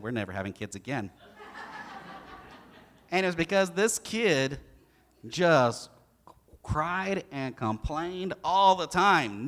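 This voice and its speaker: A middle-aged man preaching a sermon, his delivery animated as it swings between loud bursts and hushed moments. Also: mid-range voice. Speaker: pastor.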